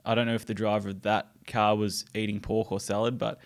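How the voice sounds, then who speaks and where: A man's voice: fairly low pitch, level tone, a little fast. Wry Australian man co-host. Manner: dry, wry questions. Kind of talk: casual chat.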